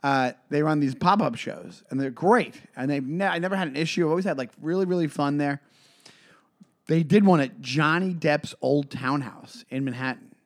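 A man's voice: on the high side, moderate pace. A man in his forties, a comedian co-hosting a podcast, telling stories in casual chat with lots of swearing and restarts. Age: 40s. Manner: animated, swearing, many restarts.

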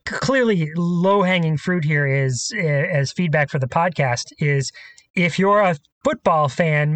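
A man co-hosting a podcast, telling stories in a lively, casual way. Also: high-pitched, no echo. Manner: animated storytelling, chants sports cheers. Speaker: podcast co-host.

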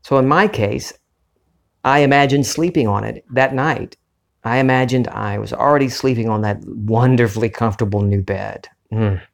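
Gravelly-voiced man hosting a spiritual podcast. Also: medium pitch. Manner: calm, earnest, unhurried. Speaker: podcast host. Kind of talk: reflective spiritual talk.

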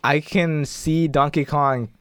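A man co-hosting a casual chat, jokey and quick to act out lines. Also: a little high, steady tone, fairly bright tone, smooth, dry recording. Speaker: podcast co-host.

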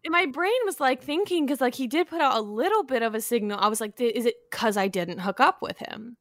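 A woman's voice: on the high side, fairly quick, no echo. A young woman co-hosting a podcast, telling a dating story in a casual, chatty way full of fillers. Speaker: podcast co-host. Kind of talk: casual chat.

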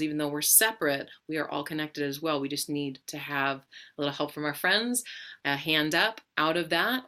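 A woman with a low voice offering gentle, reassuring reflections. She speaks slowly and deliberately, in a calm spiritual tone.

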